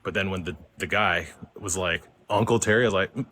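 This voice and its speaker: Man, young adult, casual ghost story, animated quoting, low pitch, bright tone. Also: brisk. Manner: animated, acts out quoted voices. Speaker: caller sharing a story. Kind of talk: casual storytelling on a live stream.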